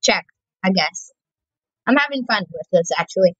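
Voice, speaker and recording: A woman's voice: medium pitch, animated, normal speed, fairly bright tone, breathy edge, dry recording. A young woman giving playful, chatty commentary while playing a game. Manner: playful, chatty, reacting aloud. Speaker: gaming channel host. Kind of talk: casual gameplay commentary.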